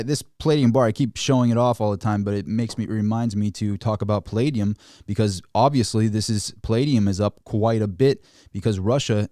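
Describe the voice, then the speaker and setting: A man hosting a casual finance livestream, talking in an animated, sarcastic way with frequent restarts. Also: on the low side, dry recording, studio quality. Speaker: host of a finance channel. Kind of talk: casual market commentary livestream.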